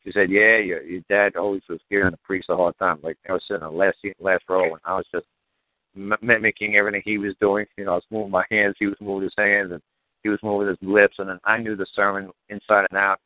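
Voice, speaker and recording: A man's voice: on the low side, little pitch movement, fast, dry recording. A man telling rowdy, profane stories as a podcast guest, laughing often. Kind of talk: casual storytelling. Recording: tinny phone-like line, dry.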